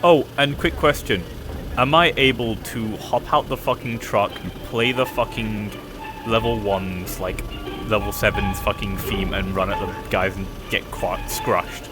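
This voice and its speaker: A somewhat low-pitched man talks casually backstage, rambling and swearing offhand as he goes through music cues. Game music plays clearly behind him. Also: steady tone, a little slow. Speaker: music cue operator for a roleplay event.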